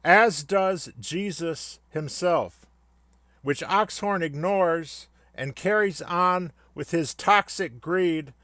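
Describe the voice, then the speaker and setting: A man's voice: a little high, a bit bright, dry recording. A man delivering a scripted comedic rant in a sarcastic, mock-solemn way. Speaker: satirical commentator.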